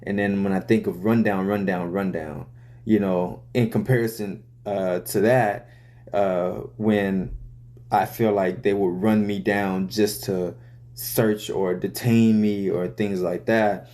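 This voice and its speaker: A man's voice: on the low side, steady tone, slow, mellow. A man, a rapper, casually explaining the story behind his song's lyrics in loose, profane talk full of fillers.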